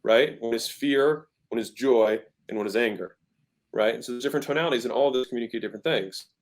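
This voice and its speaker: A man's voice: medium pitch, fast talker. A man in his thirties, a podcast guest talking casually about sales, emphatic and often shifting his tone to make a point. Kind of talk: conversational teaching about sales.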